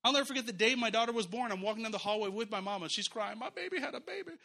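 A man's voice: sits high, fairly even intonation, rapid-fire, pushed and bright. A man preaching a sermon in a church, talking conversationally with chuckles and repeated phrases. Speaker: pastor.

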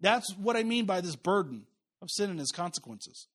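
A man's voice: high-pitched, expressive, moderate pace, a bit bright. A man pastor preaching a sermon in a conversational way, restarting words and turning to the congregation with asides.

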